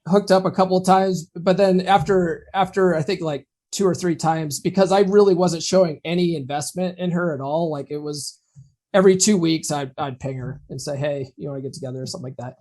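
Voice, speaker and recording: Guy on a podcast telling a story, kinda high voice, laughs a lot. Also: brisk, a little mellow. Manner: chatty, laughs at own story. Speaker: podcast co-host. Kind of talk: casual chat, personal story.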